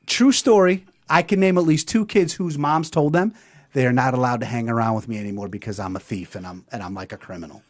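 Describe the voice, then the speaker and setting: A man hosting a podcast, telling a story in a lively, profane way and putting on voices. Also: medium pitch, fast. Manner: animated storyteller doing voices, swears freely. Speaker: podcast host. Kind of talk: storytelling chat.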